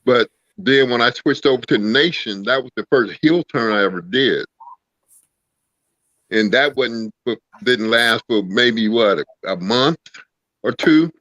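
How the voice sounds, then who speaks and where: A man in his fifties, a guest telling stories in a relaxed, drawling way, calling people "brother" and "man.". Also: medium pitch, measured pace, no room sound, highs cut off. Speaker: guest, former pro wrestler. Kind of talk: casual storytelling interview.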